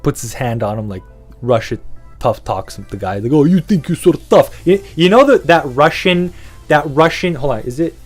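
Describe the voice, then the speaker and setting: A man's voice: medium pitch, expressive, moderate pace, soft background music. A man hosting a podcast, rambling through a profane, casual rant and laughing often. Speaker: podcast host.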